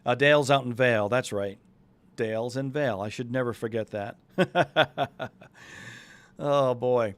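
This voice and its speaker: A New England man hosts a weather show, speaking slowly in a medium pitch and pausing often. His live weather talk is casual, loose and chatty as he thinks aloud through the forecast.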